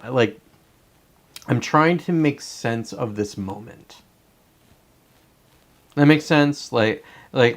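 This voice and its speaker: Man, live stream, casual commentary, rambling, swearing, restarts mid-sentence, mid-pitched voice. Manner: rambling and profane, with many self-interruptions. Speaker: livestreamer.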